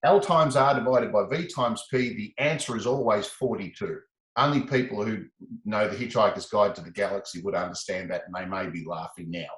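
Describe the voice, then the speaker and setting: A man, a laughter specialist being interviewed, telling stories in an animated way and acting out the voices in quoted exchanges. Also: fairly quick, reverberant, rough recording. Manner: expressive, acts out quoted exchanges with rising pitch. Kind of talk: animated conversational storytelling.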